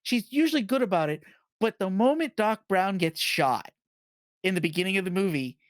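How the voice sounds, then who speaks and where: A parent joins a podcast roundtable and tells a family anecdote in a casual, animated way. The sentences often start with quick stammers before rushing on. The sound is close and dry, with no room around it. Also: medium pitch, no room sound. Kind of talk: casual storytelling chat.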